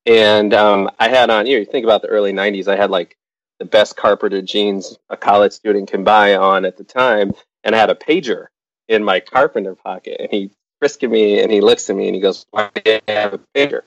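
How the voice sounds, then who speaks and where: A middle-aged man with a fairly low voice tells a personal story with lively energy, slipping into the voices of other people as he goes. The recording is dry and a bit dull and lo-fi, with little room sound. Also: fairly quick, no echo. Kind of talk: personal anecdote told to a live audience.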